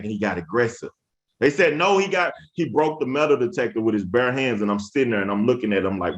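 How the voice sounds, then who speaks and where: A man's voice: medium pitch, sing-song, moderate pace, a bit bright. A man in his thirties giving a webinar talk to teachers, telling stories in an emphatic, preacher-like way, repeating phrases and calling on the audience. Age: 30s. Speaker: education speaker.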